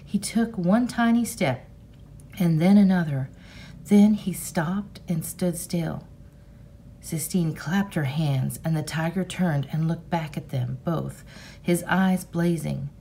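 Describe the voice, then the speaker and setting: A teacher reading a novel aloud to her class in a measured, expressive storybook manner. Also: lowish voice, creaky, slight background noise.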